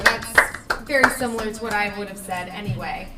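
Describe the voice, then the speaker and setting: A woman's voice: medium pitch, normal speed, recorded from a distance, over loud music. A woman guest on a comedy stream, joking in a dry, teasing way. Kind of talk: comedic chat on a live stream. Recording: echoey room, voice off-mic.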